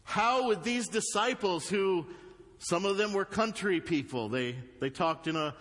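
A male pastor with a Southern US accent, preaching a sermon with loud emphatic bursts and quieter earnest asides. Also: high voice, expressive, a little slow. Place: church sanctuary. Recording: long hall reverb.

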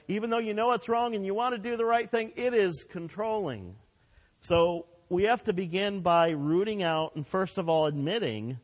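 A male pastor preaching a sermon in a church, with emphatic delivery that swells and drops and leads the congregation in call-and-response. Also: a little high. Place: church sanctuary. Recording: long hall reverb.

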